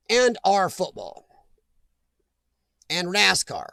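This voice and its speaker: A man's voice: sits high, very animated, moderate pace, creaky, long pauses, pushed and bright, no echo. A middle-aged man hosting a live chat stream, rambling and joking as he reacts to viewers' comments.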